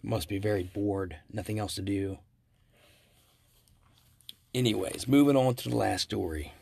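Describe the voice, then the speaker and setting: Gravelly, husky-voiced male podcast host. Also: on the low side, a little slow, pauses often, a little mellow, dry recording. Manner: rambling, self-correcting storyteller with chuckles. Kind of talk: casual solo podcast commentary.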